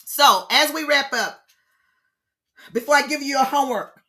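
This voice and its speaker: A middle-aged woman teaching an online grief group. Her voice is bright and somewhat high, with a lively, preacher-like delivery. She repeats her key points for emphasis. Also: moderate pace. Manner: expressive, preacher-like, exclaims and repeats key phrases. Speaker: grief counselor leading an online session.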